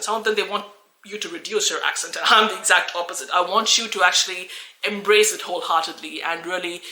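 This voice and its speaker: A woman's voice: medium pitch, sharp tone, echoey room, low-quality recording. A woman from Australia who coaches English, talking earnestly and encouragingly to camera with frequent restarts. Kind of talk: talking-head video.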